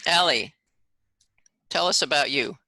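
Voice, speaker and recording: A woman's voice: deep voice, a little slow, sharp tone, no room sound. A woman hosting a video call, encouraging and affirming each speaker. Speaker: host.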